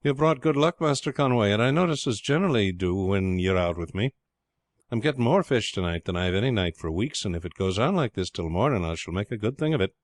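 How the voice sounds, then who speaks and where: A man's voice: lowish voice, animated, fairly quick, dry recording, lightly acted. A man voicing a cheerful, hardworking fisherman who talks in rustic dialect grammar in a storybook reading. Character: hardworking old fisherman, cheerful, rough-spoken.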